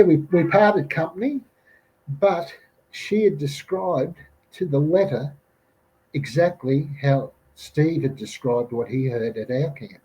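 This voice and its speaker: This middle-aged Australian man's voice is mellow, husky, and on the high side, caught on a low-quality recording. As a podcast guest, he casually rambles through a bush camping encounter, full of fillers and restarts, quoting people in raised voices.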